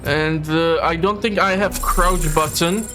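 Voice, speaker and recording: A man's voice: on the high side, steady tone, a little slow, bright, forceful tone. A man hosting a casual gameplay commentary, chatty and a bit hesitant. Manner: chatty, hesitant, with filler words. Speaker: host. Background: game audio and music.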